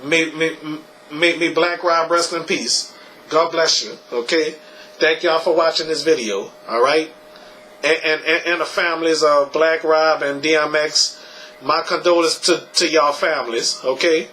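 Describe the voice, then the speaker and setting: Stammering young man, bright voice. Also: on the high side, a little slow, a little hiss or hum, low-quality recording. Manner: stammering, repeats words, tags lines with "you know" and "okay". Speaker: vlogger. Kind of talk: casual tribute vlog.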